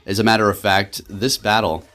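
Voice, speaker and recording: A man hosting his gaming channel, giving excitable live commentary on his matches that swings quickly between frustration and laughter. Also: lowish voice.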